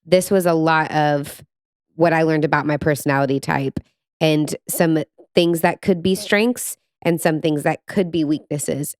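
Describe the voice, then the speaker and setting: A woman's voice: low voice, clear, resonant tone, no echo, studio quality. A woman co-hosting a podcast with her husband, telling a family story expressively in casual chat. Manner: expressive storyteller, laughs easily. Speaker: podcast co-host.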